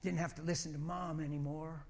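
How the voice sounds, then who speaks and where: A middle-aged man preaching, telling a personal story in an animated way and often repeating words. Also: on the high side, fairly quick. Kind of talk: sermon.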